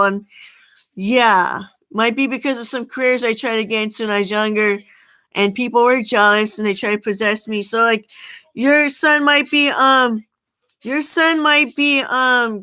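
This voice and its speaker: Bright, tense-voiced woman rambling on. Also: fairly high pitch, poor audio. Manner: rambling, halting, with many fillers and restarts. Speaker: channel host. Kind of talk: unscripted spoken monologue.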